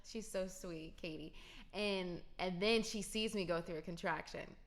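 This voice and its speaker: A woman's voice: lowish voice, measured pace. A young adult woman telling a personal story to her viewers in a casual, emphatic way. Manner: emphatic, talks straight to viewers. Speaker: vlogger.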